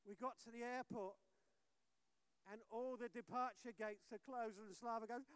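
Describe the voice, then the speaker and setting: A male pastor preaching a sermon, telling stories with lively swings from loud urging to hushed lines. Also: extremely high pitch, normal speed, heavy background noise. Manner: animated storytelling, swinging from loud exhortation to hushed.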